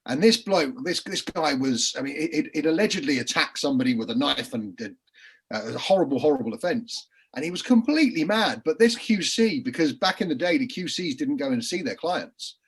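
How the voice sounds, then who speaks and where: A man on a panel telling lively courtroom anecdotes over a video call, with frequent restarts and laughing mid-story. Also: a little high, fairly quick, husky. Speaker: crime writer and former barrister on a panel. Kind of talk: casual panel chat, anecdotes.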